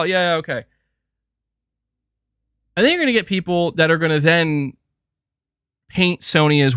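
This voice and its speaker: Young man, exasperated streamer rant, swears a lot, high animated voice, dry close sound. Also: normal speed, pauses often, smooth, no echo. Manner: profane, exasperated ranting with many repeats. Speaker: gaming commentary streamer. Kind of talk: ranting livestream commentary.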